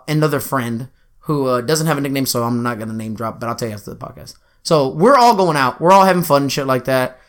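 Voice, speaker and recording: A man's voice: medium pitch, fairly bright tone. A man hosting a podcast, telling a rambling, crude story with lots of fillers. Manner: crude, rambling, lots of fillers and "you know what I'm saying". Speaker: podcast host. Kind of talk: casual storytelling chat.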